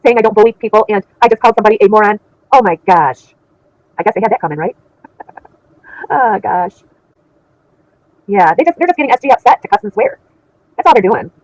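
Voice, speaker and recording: A woman's voice: medium pitch, lively intonation, fairly quick, long pauses, darkish tone, rough recording. A middle-aged woman hosting a casual livestream, chatting with viewers in an indignant, laughing way. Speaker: channel host reading chat.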